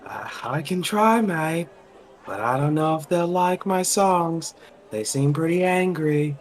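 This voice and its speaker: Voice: medium pitch, expressive, takes it slowly. A player voicing a cheerful, laid-back male bard mercenary who calls everyone mate. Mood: worried. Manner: calls everyone mate, sings his pleas. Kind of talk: tabletop role-play in character.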